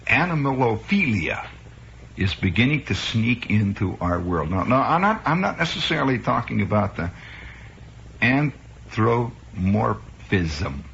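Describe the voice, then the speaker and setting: A man from Chicago spins a wry, rambling monologue with a lively, rising and falling voice. His tone is bright and forceful. The sound is muffled, like an old 1960s radio broadcast. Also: on the low side, creaky, slight background noise. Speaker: radio host. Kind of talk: improvised comic monologue. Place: radio studio.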